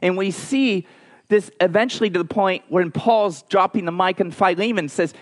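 A man preaching a conversational sermon, telling stories with lively asides and frequent restarts. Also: high-pitched, normal speed. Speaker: pastor.

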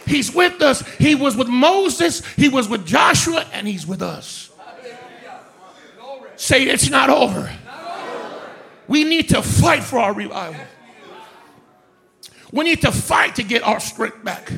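A man preaching as a guest speaker in a church, shouting in fiery, repetitive call-and-response, with worship music behind him. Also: very high voice, sing-song, slow pace, gravelly, long pauses. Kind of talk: shouted sermon. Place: church sanctuary.

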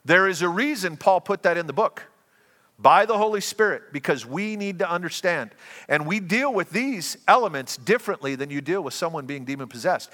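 A man preaching a sermon as pastor, earnest and given to quick restarts. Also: on the high side, fairly bright tone, big-room sound.

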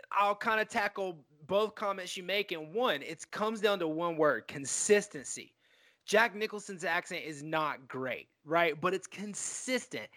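High-voiced excitable man talking movies. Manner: excitable, profane, lots of fillers and restarts. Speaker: podcast co-host. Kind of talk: casual film discussion.

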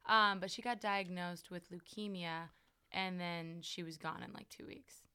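A woman's voice: lowish voice, steady tone, unhurried, pushed and bright, smooth. A woman in casual chat, telling personal stories with lots of fillers and acted-out quotes. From farm upbringing, rural. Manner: storytelling, many fillers, acts out quotes.

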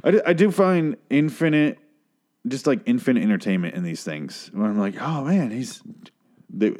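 A man's voice: medium pitch, a little fast, darkish tone. A man hosting a podcast who delivers an exasperated, heavily profane comedic rant and keeps breaking off to apologize. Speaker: podcast host.

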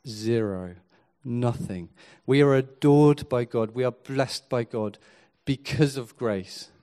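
A man preaching a sermon, earnest and swinging from quiet to emphatic. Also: medium pitch, slow pace.

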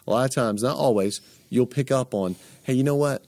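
A man's voice: medium pitch, fairly quick, darkish tone, no room sound. A man hosting an interview, talking earnestly in a coaching tone and stringing his points together in lists. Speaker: podcast host. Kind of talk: conversational interview.

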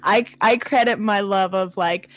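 A woman's voice: medium pitch, measured pace, faint music behind. A woman guest on a podcast, a comedian, chatting casually and gushing with lots of "like". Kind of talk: casual interview chat.

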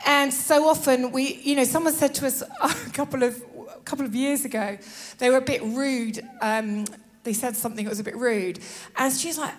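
A woman preaching a sermon in a lively way, often laughing and acting out little scenes. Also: high voice, moderate pace.

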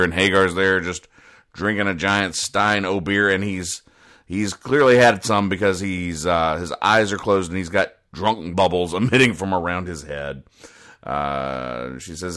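This man hosts a show reading newspaper comics, offering casual commentary with dry, wry asides and frequent hesitations. His voice sits low and fairly bright, animated yet unhurried.

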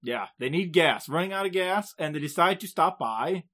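A man co-hosting a podcast, recapping anime episodes in casual, animated chat and often laughing. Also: on the high side, moderate pace. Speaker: podcast co-host.

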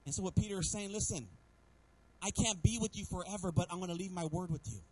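High-voiced pastor preaching a sermon. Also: male voice, fast talker, husky, low-quality recording. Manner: animated preaching with repeated calls to the congregation; storytelling with humor.

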